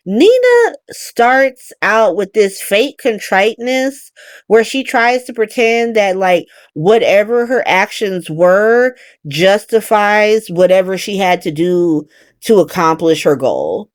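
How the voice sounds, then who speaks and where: A woman's voice: medium pitch, takes it slowly, dry recording. Woman, casual soap recap, blunt and profane, dry close recording. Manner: blunt, profane and animated, acting out characters' lines. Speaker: podcast host recapping a soap opera.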